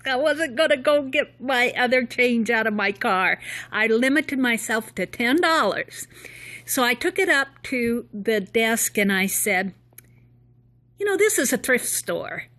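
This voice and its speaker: A woman's voice: fairly high pitch, a bit bright. A woman chatting casually into a hand-held phone, rambling along with little laughs. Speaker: vlogger.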